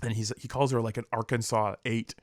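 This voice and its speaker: A man's voice: mid-range voice, flat delivery, a little fast, no room sound, studio quality. A young man commenting casually on clips, rambling and profane, laughing often and slipping into mocking voices. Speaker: commentary vlogger reacting to clips.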